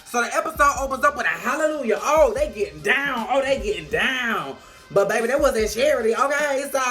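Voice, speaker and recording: A sassy, outspoken man recapping a TV episode in a casual, playful way, with plenty of cursing. His voice sits high for a man and sounds bright and forward. Quiet music plays underneath. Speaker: TV show reviewer.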